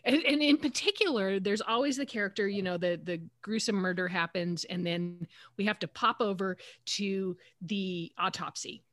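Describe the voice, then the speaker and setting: A woman's voice: mid-range voice, moderate pace, few pauses, a bit bright, no echo. Female podcast co-host, reflective and discursive, dry recording. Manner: thoughtful, long winding sentences. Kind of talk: casual chat.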